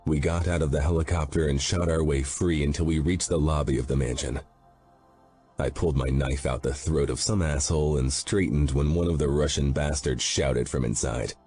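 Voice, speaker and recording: A man's voice: rumbling low, steady tone, moderate pace, mellow. A man reading a romance audiobook aloud, narrating in first person with a grim, brooding delivery. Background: faint background music.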